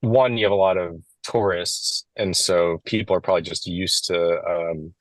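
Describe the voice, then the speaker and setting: A man's voice: deep voice, moderate pace, no echo, rough recording. A man in his late thirties, an interview guest talking loosely and leaning on "like" and "you know". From United States. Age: 30s. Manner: relaxed, filler-heavy with frequent "like". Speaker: guest photographer. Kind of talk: casual conversation.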